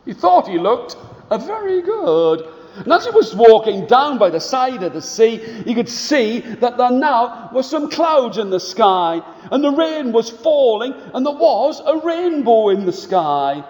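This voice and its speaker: A man telling stories to schoolchildren, animated, and inviting the children to join in the actions. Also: extremely high pitch, a little slow, long reverb tail. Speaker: storyteller. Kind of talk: storytelling to schoolchildren. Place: school hall.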